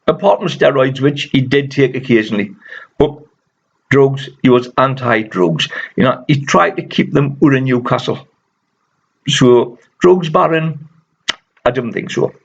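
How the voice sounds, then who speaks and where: A man's voice: mid-range voice, gravelly, breathy edge. A man, talking casually to his viewers and firmly correcting rumours, with lots of "you know". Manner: chatty, rambling, keeps saying "you know". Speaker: video channel host. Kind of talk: casual spoken commentary. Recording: dull lo-fi recording.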